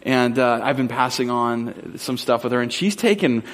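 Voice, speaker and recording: A man from Southern California preaching a sermon as pastor, telling stories casually with lots of "like" and "um" before slowing into earnest questions. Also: medium pitch, animated.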